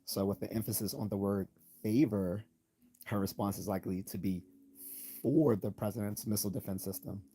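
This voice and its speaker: A man hosting a live stream, explaining logical fallacies in a loose, halting way with many ums and restarts, sometimes reading out definitions. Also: lowish voice, steady tone, mellow, breathy edge. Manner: reads out definitions and examples. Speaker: channel host.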